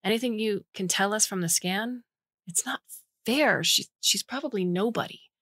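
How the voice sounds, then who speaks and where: A woman's voice: medium pitch, moderate pace, a bit bright, no echo, studio quality, pitched above the performer's own voice, lightly acted. A woman voicing a nasty, impatient female engineer who swears and snaps, in a storybook reading. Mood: frustrated.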